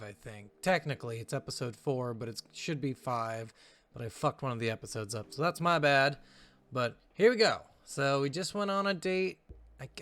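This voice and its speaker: A man's voice: a little high, creaky, a bit bright. A young man hosting a let's play, chatting casually, joking and swearing, and reading the game's dialogue aloud. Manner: casual, joking, swears, reads lines in a put-on dad voice. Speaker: gaming channel host. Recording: faint game music behind.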